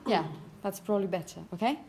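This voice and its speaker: A woman's voice: medium pitch, fast, mellow, a little hiss or hum. A woman teaching a pronunciation class, calling on students by name and correcting them encouragingly. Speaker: phonetics teacher.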